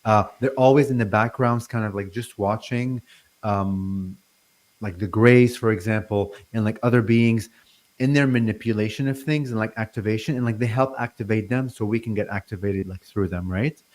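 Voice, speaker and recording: Man, 40s, from Lebanon; interview guest; halting, stuttering delivery full of fillers. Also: on the low side, steady tone, a little mellow. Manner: stutters, many fillers and restarts. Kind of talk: casual interview talk.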